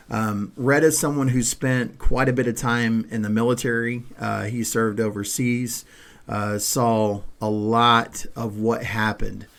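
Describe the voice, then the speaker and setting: A male podcast host with a gravelly, fry-tinged voice at an ordinary middle pitch. He talks in a loose, rambling way, full of "you know" and "um" and false starts. It sounds like an easygoing chat with a friend. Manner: relaxed, rambling, lots of fillers and restarts. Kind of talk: casual conversational chat.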